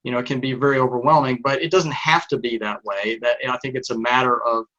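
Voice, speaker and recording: Bright-voiced man with a Texas accent. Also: medium pitch, fairly even intonation, lo-fi sound. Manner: thoughtful, measured. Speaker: guest, life coach. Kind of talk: interview conversation.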